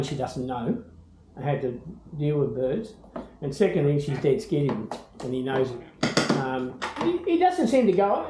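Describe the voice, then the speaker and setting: An older Australian man chatting casually about his pet bird, rambling with many ums and breaking into high baby-talk. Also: mellow, echoey room, slight background noise, poor audio. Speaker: bird owner. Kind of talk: casual home video chat.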